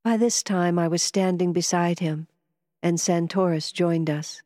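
A woman narrating a novel in a measured, reflective storytelling manner. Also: fairly low pitch, fairly even intonation, mellow, no room sound, studio quality. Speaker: audiobook narrator. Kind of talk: scripted narration.

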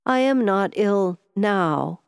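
A woman voicing an ailing, dispirited gentleman in an audiobook, speaking in a low, meditative, subdued way. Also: lively intonation, slow pace, vocal fry, smooth, no room sound, clean studio sound. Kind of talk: audiobook character voice.

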